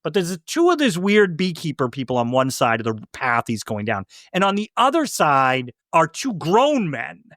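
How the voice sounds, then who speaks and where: A man's voice: fairly high pitch, huge pitch swings, normal speed, few pauses, fairly bright tone, dry recording, studio quality. A man co-hosting a movie podcast, recapping scenes in casual chat with plenty of fillers. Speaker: podcast co-host. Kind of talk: casual film-review chat.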